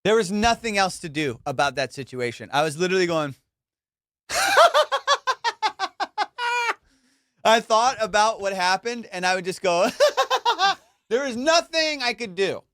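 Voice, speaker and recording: A young man hosting a podcast, telling a story in an animated, casual way, swearing and saying "dude" and "bro" a lot. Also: a little high, brisk, hardly any pauses, smooth, dry recording, studio quality. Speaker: podcast host.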